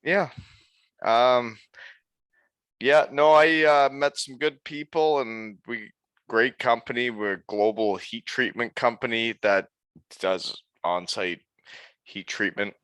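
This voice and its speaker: A man in his forties hosting a podcast, chatting casually over a remote call in a relaxed, rambling way. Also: medium pitch, slow pace, smooth. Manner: relaxed, rambling, with many fillers. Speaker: podcast host.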